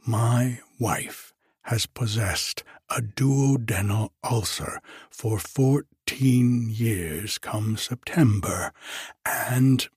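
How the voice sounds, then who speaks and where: A man voicing an indignant, fussy old gentleman who complains in a pompous, stiffly formal way. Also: mid-range voice, extremely slow, breathy edge, no echo, clean studio sound, exaggerated voice.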